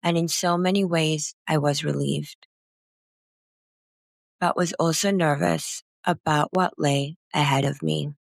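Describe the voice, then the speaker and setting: A woman narrating a first-person memoir in a slow, somber reading. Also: low-pitched, fairly even intonation, gravelly, no echo, studio quality.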